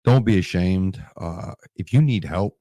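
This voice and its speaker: War stories come from a Marine veteran in his forties in a casual interview, where he tears up, swears, and keeps restarting sentences. His voice sits low and mellow, a little slow, on a dry, clean studio recording.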